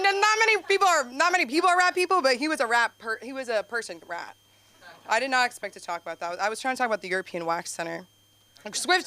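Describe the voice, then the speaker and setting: A young woman doing an open mic stand-up set, rambling and chatty with lots of fillers, sometimes jumping into high excited bursts. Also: clean tone. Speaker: stand-up comedian. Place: comedy club stage.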